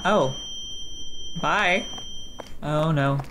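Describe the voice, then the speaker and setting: A woman hosting a gaming channel, reacting nervously out loud and talking to the characters as she plays. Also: deep voice, very slow, noisy background. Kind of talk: let's play commentary. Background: game music.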